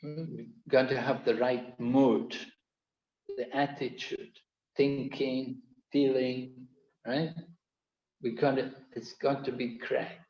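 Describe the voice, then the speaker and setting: A man's voice: medium pitch, flat delivery, slow, a little mellow. Earnest male teacher over echoey call audio. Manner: earnest, explanatory, repeats key phrases. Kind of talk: online course lecture. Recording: echoey, dull-toned video call audio.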